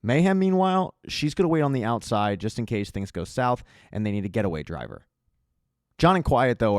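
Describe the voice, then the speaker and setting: Guy with a lowish voice chatting through a tv plot recap, dry close sound. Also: no echo. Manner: conversational, chatty storytelling. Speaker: TV recap YouTuber. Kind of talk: casual plot recap narration.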